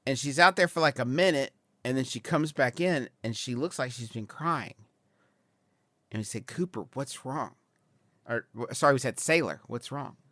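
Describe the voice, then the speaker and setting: A podcast co-host in his forties tells a rambling comic story about a family outing, building up to excited laughter. His mid-range voice moves at a moderate pace, with no echo.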